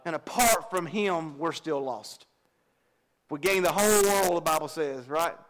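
A man's voice: on the high side, moderate pace, fairly bright tone, slight background noise. A middle-aged man, a pastor preaching a folksy, confessional sermon and joking with his congregation. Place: church.

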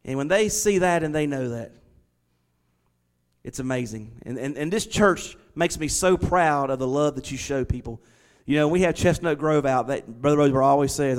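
A middle-aged man preaching a sermon, shifting from quiet, conversational storytelling to emphatic declarations. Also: a little high, normal speed. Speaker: pastor.

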